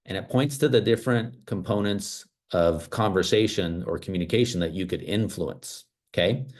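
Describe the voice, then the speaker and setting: Over a video call, a man from small-town America gives a motivational talk in a very low, deep voice. He speaks animatedly and emphatically, leaning on casual fillers along the way.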